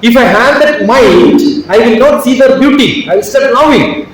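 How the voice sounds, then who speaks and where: A man's voice: very high voice, moderate pace, a little hiss or hum. A man giving a motivational talk to teachers, throwing rhetorical questions at the audience. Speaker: speaker at a teachers' workshop. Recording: very echoey hall, voice from far off.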